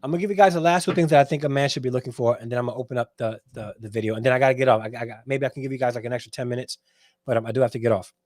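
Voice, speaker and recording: Male host, mid-pitch, emphatic and preachy, dry close sound, for a dating-advice livestream. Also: very fast, a little mellow, dry recording. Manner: preachy, emphatic, frequent restarts and checks like "all right?".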